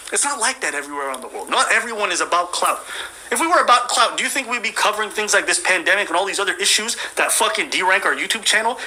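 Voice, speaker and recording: Fast-talking, sharp-voiced man ranting. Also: high voice, slight background noise, poor audio. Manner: profane, mocking, heated. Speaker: commentator. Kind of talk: comedic rant.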